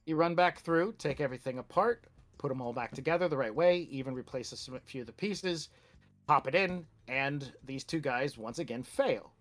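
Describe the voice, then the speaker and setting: A man's voice: medium pitch, moderate pace, a bit bright, soft background music. Man game master, casual narration. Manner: loose, filler-heavy narration.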